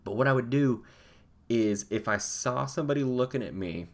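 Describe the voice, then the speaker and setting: A man's voice: mid-range voice, normal speed. A young man telling a funny story in a casual vlog monologue, acting out the people he talks about. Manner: animated, acts out people in funny voices. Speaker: vlogger.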